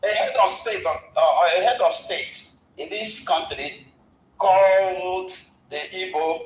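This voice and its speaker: A man's voice: high-pitched, slow, echoey room, slight background noise, poor audio. A man, a guest in a casual discussion, who stumbles and repeats words as he retells history at length. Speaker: guest commentator.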